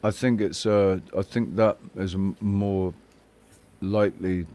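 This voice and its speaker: A man's voice: sits low, steady tone, slow pace, mellow. A man on a casual talk show, chiming in with short remarks. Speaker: podcast co-host. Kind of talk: casual chat.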